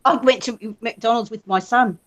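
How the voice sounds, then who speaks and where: Woman, fifties, playful chat storyteller, pitched a bit high. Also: moderate pace, muffled recording, background noise. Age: 50s. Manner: playful storyteller acting out her kids' lines. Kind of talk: casual chat.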